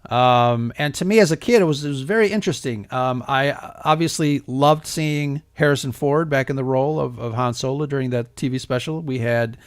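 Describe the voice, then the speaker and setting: A man hosting a casual chat, talking in a playful, animated way. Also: medium pitch, a little fast, few pauses, clear, resonant tone, no room sound, studio quality. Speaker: podcast host.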